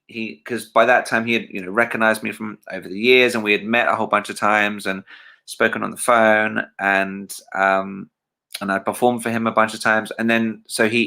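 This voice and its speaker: Guy hosting a livestream, bright forceful voice, rambling story with lots of ums. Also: lowish voice. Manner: rambling, many fillers and restarts, animated when quoting. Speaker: livestream host.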